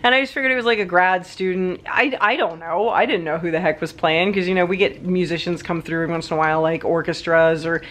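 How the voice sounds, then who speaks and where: A woman vlogger telling a story to her viewers in a chatty, animated way, laughing often and adding many asides. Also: on the low side, fast, hardly any pauses. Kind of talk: casual storytelling to camera.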